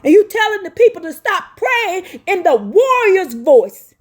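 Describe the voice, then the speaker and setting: A woman with a high voice delivers a fervent sermon, reading scripture aloud between her own words. She scolds her listeners, repeats phrases over and over, and cries out. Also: very animated, unhurried. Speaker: preacher. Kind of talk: impassioned street-style sermon with scripture reading.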